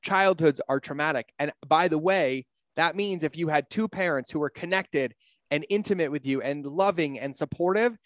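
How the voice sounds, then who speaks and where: Blunt, swearing man with a higher voice. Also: moderate pace, fairly bright tone, no echo. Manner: blunt, profane, emphatic storyteller. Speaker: podcast guest, entrepreneur. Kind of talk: casual podcast conversation.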